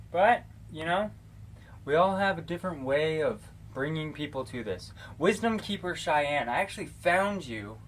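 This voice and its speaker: This is an American man in a casual vlog, talking straight to his camera and rambling from one thought to the next with plenty of "um" and "like". His pitch sits in an ordinary middle range. A faint hiss of background noise runs under his voice. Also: a bit bright. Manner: rambling, affectionate, lots of fillers. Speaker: vlogger. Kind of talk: casual talking-head shout-outs. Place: living in Arizona. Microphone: camera mic, talking straight to camera.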